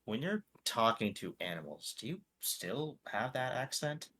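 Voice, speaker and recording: A man chatting as a player in a tabletop game, halting and laughing often. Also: medium pitch, big pitch swings, pushed and bright, a little hiss or hum. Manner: halting, laughing, many fillers. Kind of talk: tabletop role-play chat.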